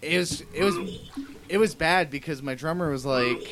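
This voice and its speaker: A man telling an animated story among friends, laughing as he talks. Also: fairly high pitch, moderate pace, crowd noise. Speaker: musician guest.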